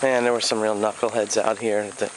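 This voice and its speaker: A man narrating his hike through a flooded riverside preserve in an unhurried, plainspoken way. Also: on the low side, flat delivery, background noise. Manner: unhurried, plainspoken, grumbles about litter. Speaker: hiking vlogger. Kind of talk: casual outdoor narration. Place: outdoors by a river in a nature preserve. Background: insects and crickets, rural ambience.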